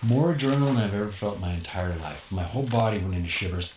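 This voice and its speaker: A man's voice: on the low side, fast, a little mellow. A middle-aged man telling a personal story in a casual interview, acting out scenes with gasps and exclamations. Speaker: guest. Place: tipi. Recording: roomy echo, faint noise.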